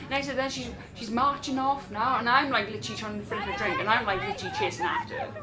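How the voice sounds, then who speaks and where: A woman's voice: a little high, big pitch swings, quick pace, crowd noise. A young woman with a Welsh accent telling a story to her viewers in a chatty, rambling way, talking to them as guys. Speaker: vlogger. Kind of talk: casual storytime.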